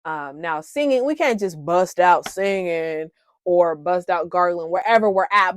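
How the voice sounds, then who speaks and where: A woman in her thirties talking casually and warmly to viewers about coping skills, with frequent "um"s, calling them "y'all". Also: fairly low pitch, lively intonation, unhurried, dry recording. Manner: frequent "um", addresses viewers as "y'all", laughs at herself. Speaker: wellness vlogger sharing coping skills. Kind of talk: casual heartfelt talk to viewers.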